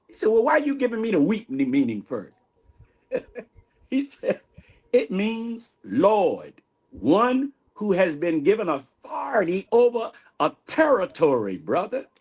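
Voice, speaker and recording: A man giving an animated spiritual testimony in an interview, acting out the dialogue he recounts. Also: sits high, slightly rough. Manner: animated storyteller, acts out quoted dialogue. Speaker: guest minister.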